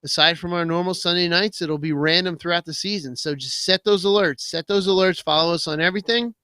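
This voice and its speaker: A man's voice: high-pitched, fairly quick, bright, forceful tone, clear, resonant tone, no room sound. A man co-hosting a hockey fan podcast, casually plugging the show and asking listeners to follow. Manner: promotional, upbeat plugs. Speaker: podcast co-host.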